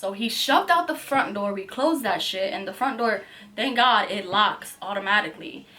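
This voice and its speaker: A woman's voice: mid-range voice, moderate pace. A young woman telling a story on her vlog with lots of swearing, acting out what people said in raised voices. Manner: animated, profanity-heavy storytelling; acts out quotes in a raised voice. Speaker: vlogger.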